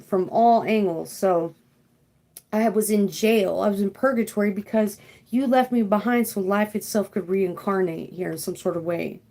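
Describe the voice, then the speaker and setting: Rambling, excitable tarot-reading woman. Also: a little high. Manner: rambling, excitable, peppered with "freaking" and "okay?". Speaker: tarot reader. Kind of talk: live tarot card reading.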